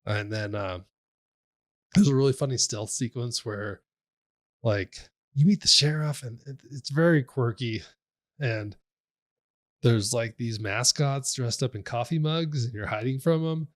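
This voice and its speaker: Male podcast co-host, casual game talk, rambling and animated. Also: mid-range voice, measured pace. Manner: rambling, animated retelling with laughs. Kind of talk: casual game review chat.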